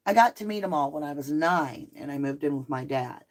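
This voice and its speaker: A live stream host from the Southern US, middle-aged, talks fairly quickly in a low-sitting voice while replying to viewer comments in a casual chat. With an accent that combines Southern and Northern American traits, she stays animated and talkative and laughs easily.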